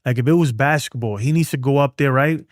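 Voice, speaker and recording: A man's voice: mid-range voice, quick pace, no room sound, studio quality. A man who is a streamer, breaking down a baseball game in loose, slang-filled casual talk, reading chat as he goes. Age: adult with a son.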